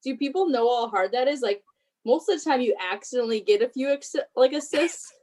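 Teasing woman co-host, slightly high voice. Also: expressive, a little fast, darkish tone. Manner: teasing, laughing. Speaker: podcast co-host. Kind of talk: casual podcast interview.

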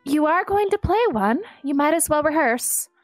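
A woman's voice: sits high, lively intonation, moderate pace, no echo, soft background music. Diplomatic woman player, dry sound. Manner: soothing, diplomatic, with stammers and laughs. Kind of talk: playing a character in a tabletop game.

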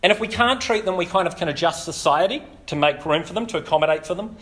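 Chatty New man preaching, higher voice. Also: fast talker. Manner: relaxed, chatty, with frequent fillers. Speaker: pastor. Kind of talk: casual sermon.

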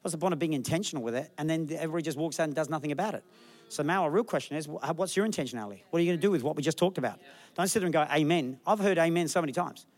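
An energetic Australian pastor delivers a sermon at a quick clip in a slightly high voice. He's animated, acting out people in the crowd with funny voices.

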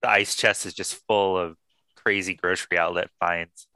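A man with a lowish, bright voice and a lively, swinging pitch jokes in a casual podcast chat. He teases the others with dry wisecracks, close to the mic in a dead-dry sound. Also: normal speed, smooth, dry recording. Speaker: podcast co-host.

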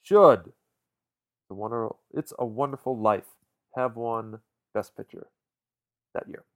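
A man co-hosting a casual film podcast, agreeable and relaxed, steering toward the closing question. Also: mid-range voice, slow pace. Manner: relaxed, agreeable, wraps up segments. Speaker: podcast co-host.

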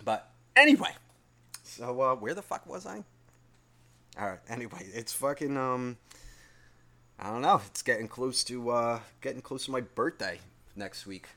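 Profane, rambling man with a bright voice. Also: mid-range voice, animated, moderate pace, vocal fry, long pauses. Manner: profane, rambling, gets worked up. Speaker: podcast host. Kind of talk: solo podcast rant, reading listener email.

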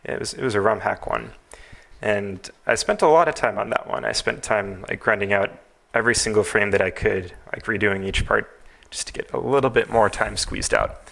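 A man's voice: fairly low pitch, moderate pace, vocal fry, a bit bright. A man as a podcast guest, talking in a thoughtful, hedging way with many fillers. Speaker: podcast guest, TAS creator. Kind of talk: casual podcast interview.

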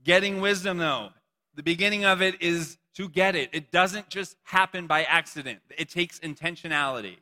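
A man's voice: high voice, moderate pace, sharp tone, in a large hall. A young man preaching a sermon to a youth group, playful and joking between points. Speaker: youth pastor.

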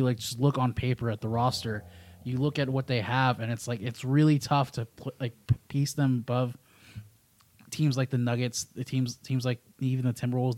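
A man chatting casually about basketball on a podcast, talking in halting bursts full of restarts and blunt profanity. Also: medium pitch, darkish tone, dry recording. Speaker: podcast co-host. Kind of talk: casual sports chat.

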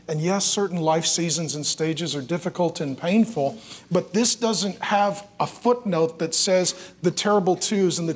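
A man preaching a sermon, telling a personal story with big swings from loud, joking delivery to quiet, tender prayer. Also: a little high, breathy edge. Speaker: pastor.

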